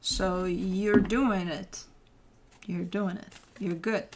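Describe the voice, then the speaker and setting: Speaking slowly in a mid-range voice with fairly even intonation, a tarot reader talks straight to her listener over some background noise. Her reading is casual and loose, sprinkled with the occasional swear word.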